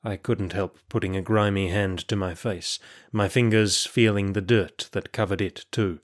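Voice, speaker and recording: Measured male audiobook narrator, low voice. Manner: measured, steady storytelling. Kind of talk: first-person audiobook narration.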